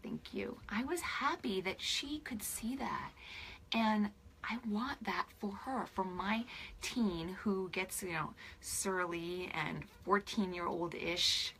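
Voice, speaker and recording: A woman in her forties, a spiritual life coach, chatting on camera to her followers, teary and emotional, often dropping into soft whispers. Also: mid-range voice, slow, slight background noise. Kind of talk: casual direct-to-camera chat with followers.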